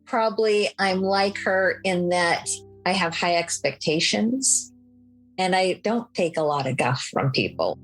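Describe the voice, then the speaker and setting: A middle-aged woman sharing memories as an interview guest, candid and direct, with soft laughs between her thoughts. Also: lowish voice, lively intonation, unhurried, faint music behind, rough recording. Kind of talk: personal storytelling in an interview.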